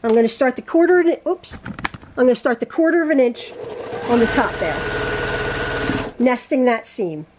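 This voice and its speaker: A high-pitched woman talks through a quilting lesson from her home sewing room. She chats as she sews, correcting herself often and circling back to what she meant. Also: big pitch swings, normal speed, pauses often, noisy background. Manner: rambling, self-correcting, talks while sewing. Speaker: quilting teacher. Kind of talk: chatty sewing tutorial.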